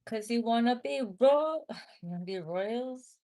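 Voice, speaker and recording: A woman's voice: a little high, lively intonation, measured pace, mellow. Blunt woman chatting on a livestream. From American Midwest. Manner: blunt, swears, reads chat comments aloud. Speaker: livestream host. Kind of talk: casual livestream chat.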